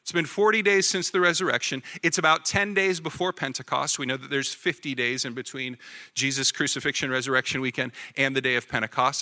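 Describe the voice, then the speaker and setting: Male pastor, bright fairly high voice, chatty sermon delivery that builds to emphatic peaks. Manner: conversational preaching, rising to animated emphasis; self-correcting, repeats words.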